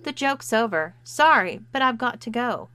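Woman voicing a sullen defiant young guy, protesting, bright voice. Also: a little high, expressive, normal speed, no echo, voice pushed up. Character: reluctant, defiant young man.

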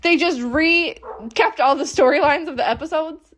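A woman's voice: high-pitched, normal speed, a bit bright, a little hiss or hum. A young adult woman co-hosting a podcast in casual chat, giggly and rambling with lots of "like". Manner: giggly, rambling, heavy "like" filler. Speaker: podcast co-host.

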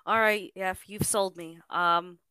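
A woman's voice: lowish voice, fairly even intonation, slow pace, bright, forceful tone, clear, resonant tone, no echo. A woman co-hosting a podcast, giving short, laid-back replies in casual chat. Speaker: podcast co-host.

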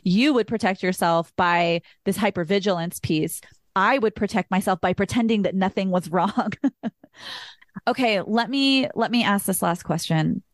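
A woman's voice: medium pitch, normal speed, dry recording, clean studio sound. A woman hosting a podcast, talking in a frank, candid way with the odd casual swear word. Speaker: podcast host. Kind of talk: casual interview chat.

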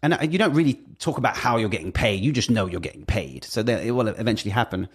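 A man's voice: fairly low pitch, quick pace, husky. A British man in casual chat, telling stories animatedly and swearing often. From Britain. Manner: animated storytelling, profane. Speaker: guest, music industry worker.

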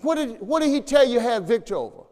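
A male pastor with a high, bright voice, preaching a sermon. He drives home each point by repeating it and pulling the congregation into call and response. His voice carries a long reverb from a church sanctuary. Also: very animated, fast.

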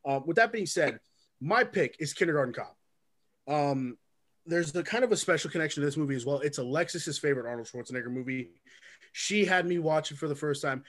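A man's voice: a little high, brisk, a bit bright. A man co-hosting a casual movie podcast, rambling with lots of ums and restarts. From lives in Oregon. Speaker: podcast co-host. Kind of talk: casual movie review chat.

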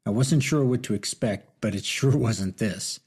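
A cocky, wisecracking man with a mocking edge in his voice, as a male narrator plays him. His tone is low, gravelly and husky, with a dark, mellow color. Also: a little slow. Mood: wry.

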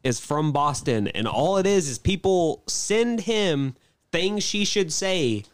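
Man, podcast co-host, casual chat, rambling storyteller, somewhat high voice. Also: animated, slow pace.

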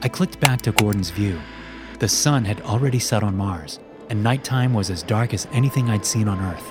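A man reads a scripted horror story in a steady, measured way. His voice sits a little low, and clear background music runs under the narration.

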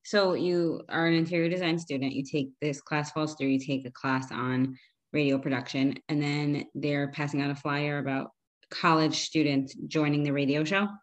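Female interviewer, low voice, summarizes then digs in with questions. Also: fairly even intonation, normal speed. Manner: probing, recaps and asks follow-ups.

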